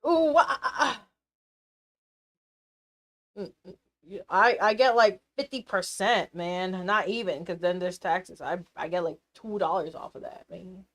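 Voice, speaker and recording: A woman streaming live, chatting casually in a goofy, rowdy way, playfully yelling silly insults. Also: lowish voice, normal speed. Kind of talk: casual livestream chat.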